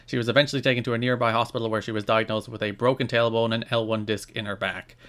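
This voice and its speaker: A man's voice: medium pitch, level tone, quick pace, a bit bright. An Irish man co-hosting a podcast in casual chat, reading out news notes and adding dry asides. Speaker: podcast co-host.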